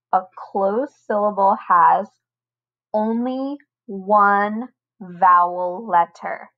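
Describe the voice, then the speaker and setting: A woman teaching a recorded lesson to first graders, speaking slowly and patiently with careful, stretched-out pronunciation. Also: mid-range voice, highs cut off. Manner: slow, patient, over-enunciated teacher talk. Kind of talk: recorded online lesson for children.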